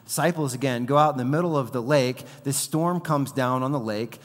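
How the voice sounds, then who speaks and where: Preacher in a reverberant hall. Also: male voice, mid-range voice, brisk. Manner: animated storytelling, acting out quoted lines. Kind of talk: sermon.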